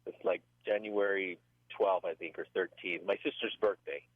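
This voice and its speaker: A man calls in as a guest musician and talks in a relaxed, hesitant way. His low voice comes through a tinny phone line that sounds dry. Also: normal speed, no echo. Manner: relaxed, hesitant, many fillers. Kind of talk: casual interview chat.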